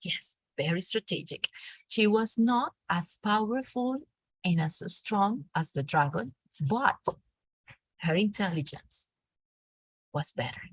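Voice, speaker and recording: A woman teacher with a Colombian accent, reading a storybook aloud to a class with expressive, animated delivery before moving on to teaching. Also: mid-range voice, takes it slowly, long pauses, breathy edge, no room sound. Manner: expressive, animated read-aloud with acted character lines. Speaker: teacher leading a reading workshop.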